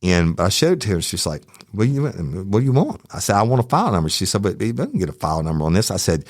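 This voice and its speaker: With a low voice, big pitch swings, and a quick pace, a middle-aged man with a Southern Louisiana accent recounts a heated true crime tale on his podcast. He curses frequently and quotes exchanges between people, and the studio recording is clean with no echo.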